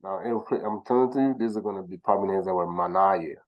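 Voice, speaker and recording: A man giving informal religious teaching who sounds out names slowly, corrects himself, and asks rhetorical questions. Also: sits low, dull audio. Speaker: teacher of scripture.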